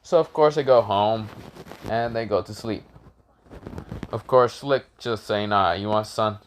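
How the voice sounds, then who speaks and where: A man casually improvising a fan-fiction story, rambling with self-corrections, swearing, and high shouted voices for characters. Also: a little slow.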